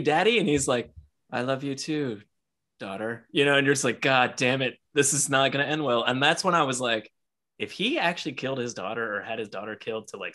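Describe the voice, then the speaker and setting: A man co-hosting a comic book podcast, talking excitedly, swearing a lot and acting out characters' lines. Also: medium pitch. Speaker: podcast co-host. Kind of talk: casual comic book discussion.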